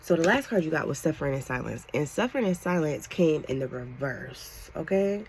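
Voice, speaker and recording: A woman giving a channeled tarot reading to her viewers, excitable and animated, talking casually with lots of slang and "like". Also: sits low, brisk, slight background noise. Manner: excitable, animated, fills talk with "like". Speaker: tarot reader.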